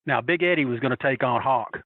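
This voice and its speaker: A man telling wild stories as a podcast guest, animated and profane, laughing his way through them. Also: mid-range voice, fairly quick, dry recording, narrow, tinny audio. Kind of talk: casual storytelling.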